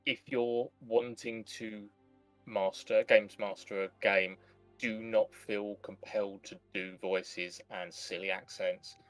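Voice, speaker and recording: Male game master, lowish voice, sincere advice-giver. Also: fairly even intonation, takes it slowly, faint music behind. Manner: earnest, giving advice. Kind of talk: casual panel chat.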